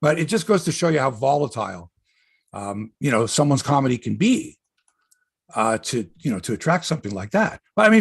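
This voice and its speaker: A man's voice: medium pitch, sing-song, brisk, gravelly, husky, no room sound, studio quality. A man hosting a sports podcast, telling rambling, profane stories in casual chat.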